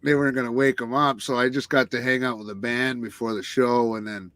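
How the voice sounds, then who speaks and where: A man's voice: mid-range voice, steady tone, brisk, fairly bright tone, dry recording. A man, a guest musician, telling stories in a rambling, casual way, often swearing and restarting and tagging lines with "eh". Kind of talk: casual storytelling.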